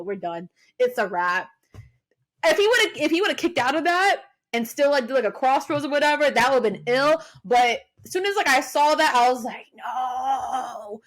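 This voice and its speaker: A young woman co-hosting a podcast in casual chat, animated and swearing freely as she acts out her reactions. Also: high-pitched. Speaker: podcast co-host.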